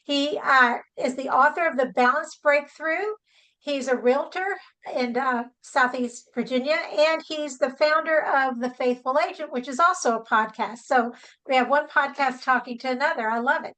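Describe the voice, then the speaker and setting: A woman's voice: high voice, moderate pace, fairly bright tone, poor audio. A woman hosting a podcast interview, upbeat and enthusiastic. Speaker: podcast host. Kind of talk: interview introduction and chat.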